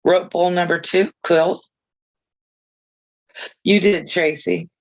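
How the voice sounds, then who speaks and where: Chatty woman with a gravelly voice. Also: fairly low pitch, steady tone, slow pace, muffled recording. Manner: chatty, chirpy, self-deprecating asides. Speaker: crafting livestream host. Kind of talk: casual chat reading viewer comments.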